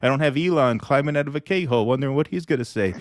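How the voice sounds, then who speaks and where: A man's voice: mid-range voice, quick pace, no echo, studio quality, lightly acted. A man doing a rambling boastful president. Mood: exasperated. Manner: rambling, boastful, folksy storytelling. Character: impression of a boastful older male president rambling.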